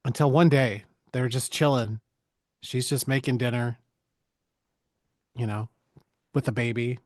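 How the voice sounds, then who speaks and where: A man co-hosting a podcast, recapping a film in casual chat, profane and jokey, slipping into quick voices for the characters. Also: mid-range voice, steady tone, darkish tone, no room sound, clean studio sound. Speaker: podcast co-host.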